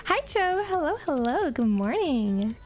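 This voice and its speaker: A woman's voice: high-pitched, sing-song, measured pace, faint music behind. A woman with a Quebec French accent, a native French speaker, chatting casually on a livestream, greeting and thanking viewers between stories.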